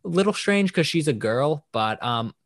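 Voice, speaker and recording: A man's voice: on the high side, animated, a little slow, dry recording. Young man in loose casual chat. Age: young adult. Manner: loose, rambling, heavy use of "like".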